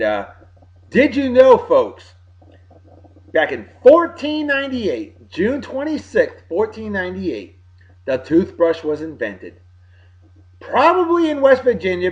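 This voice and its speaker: A man hosting a casual solo show, rambling through shout-outs to friends and bursting into loud wrestling catchphrases now and then. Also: fairly high pitch, muffled recording. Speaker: podcast host.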